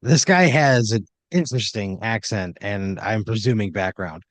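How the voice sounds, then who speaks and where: A man's voice: lowish voice, moderate pace, dry recording. A man co-hosting a comedy podcast, reacting with incredulous, cursing pushback. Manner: incredulous, swears freely. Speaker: podcast co-host. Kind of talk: casual comedy chat.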